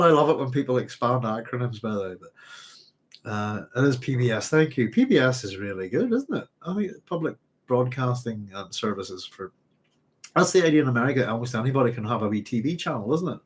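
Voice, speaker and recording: A man's voice: mid-range voice, animated, fairly quick, husky. A man hosting a live chat, rambling and hesitant as he reads out viewer comments. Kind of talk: casual live-stream chat.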